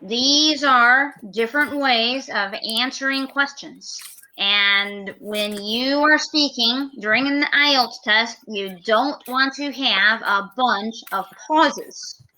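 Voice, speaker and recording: Bright, slow-spoken woman teacher. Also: fairly high pitch, rough recording. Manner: chatty, acts out example answers. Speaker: English teacher. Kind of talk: live online class.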